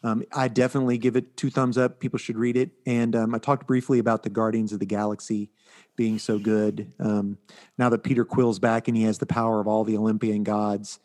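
Fairly quick and darkish in tone, this man's lowish voice shows little pitch movement. He co-hosts a comics review podcast, chatting loosely and drifting through stories packed with fillers.

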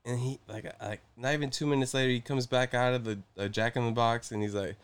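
A young man, talking in a smooth, clear voice as he tells a rowdy story to his friends. He acts out every quote, swears freely, and jumps from low mumbles to loud bursts. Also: a little fast. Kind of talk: casual storytelling chat.

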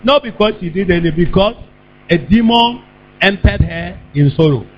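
A man preaching a sermon, calling out questions for the congregation to answer and breaking into sudden shouts. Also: high voice, animated, moderate pace. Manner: call-and-response preaching, bursts of shouting. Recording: dull lo-fi with mains hum.

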